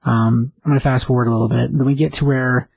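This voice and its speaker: A man's voice: mid-range voice, fairly even intonation, fast talker, creaky, a little mellow, husky, no echo, low-quality recording. A man casually retelling a comic book story as a recap host, loose and chatty. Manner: loose and chatty, with many fillers and restarts.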